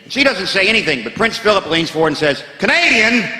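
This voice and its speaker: A man with an American accent telling a stand-up story in a wry way, dropping to low mutters for asides. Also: lively intonation, fast, pushed and bright. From United States. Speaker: stand-up comedian. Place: large theatre stage before a live audience. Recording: echoey theatre hall, laughing crowd.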